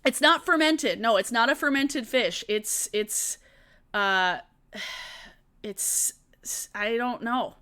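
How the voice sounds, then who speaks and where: Bright-voiced young woman chatting on a live stream. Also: on the high side, takes it slowly, clear, resonant tone. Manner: chatty, laughs often, swears casually. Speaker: streamer answering chat questions.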